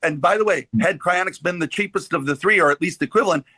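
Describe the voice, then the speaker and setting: A man hosting a casual discussion, telling animated stories and acting out quoted dialogue. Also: sits high, fast talker, no room sound. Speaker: host.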